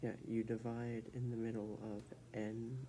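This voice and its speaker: A woman's voice: rumbling low, level tone, measured pace, warm tone, slight background noise, rough recording. A woman answering a reading tutor's questions, with hesitant, tentative replies. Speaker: reading student.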